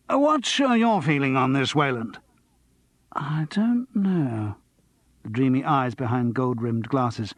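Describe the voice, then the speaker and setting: A man narrating an audiobook in a measured, wry way. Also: medium pitch, no echo. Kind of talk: scripted narration.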